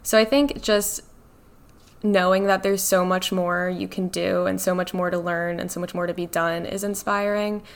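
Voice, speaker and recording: A woman's voice: on the low side, little pitch movement, normal speed. Chatty young woman. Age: young adult. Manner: chatty, upbeat, says "like" often, laughs easily. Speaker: guest in business development. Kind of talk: casual interview chat.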